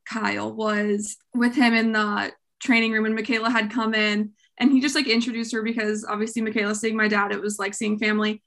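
A woman's voice: medium pitch, creaky, a bit bright. A young woman guest in casual chat, talking in a loose, rambling way full of filler words.

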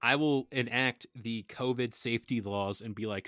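Young man, podcast co-host, bright voice, dry studio sound, rambling jokes. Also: mid-range voice, normal speed, no echo. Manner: joking, rambling, many fillers. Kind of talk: casual podcast chat. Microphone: studio podcast mic.

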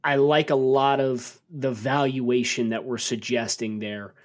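A man co-hosts a casual football draft podcast, reading out listener takes and weighing them in a measured, analytical way. His voice sits at an ordinary middle pitch for a man, and he turns incredulous and emphatic when the banter picks up. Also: flat delivery. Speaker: podcast co-host. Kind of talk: casual sports podcast chat.

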